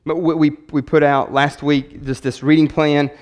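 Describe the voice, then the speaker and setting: A man's voice: a little high, little pitch movement, normal speed, darkish tone. A man preaching a sermon as pastor, enthusiastic and chatty, rambling with frequent restarts. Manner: enthusiastic, conversational.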